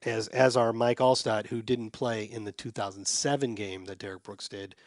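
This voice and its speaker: A man's voice: lowish voice, fairly even intonation, normal speed, dry recording. Male podcast host, self-deprecating and chatty, reading listener mail, dry close mic. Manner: chatty, self-deprecating, reads emails aloud. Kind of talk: casual sports chat.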